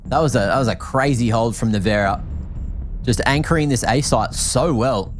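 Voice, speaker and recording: A man from Australia with an Australian accent, calling esports play-by-play with quick, excited reads of the action. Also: medium pitch, over music. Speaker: esports caster. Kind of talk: play-by-play commentary.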